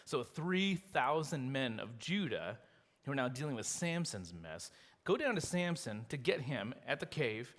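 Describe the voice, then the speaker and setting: A man preaching a sermon as pastor, retelling a story in a lively, animated way with acted quotes. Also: medium pitch, measured pace. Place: church sanctuary. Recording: long reverb of a church hall.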